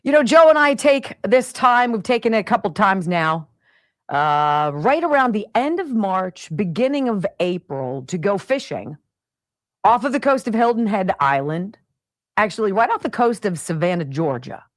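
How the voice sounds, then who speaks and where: A woman's voice: medium pitch, big pitch swings, moderate pace, dry recording. A woman hosting a talk radio show, delivering an upbeat, emphatic, folksy monologue.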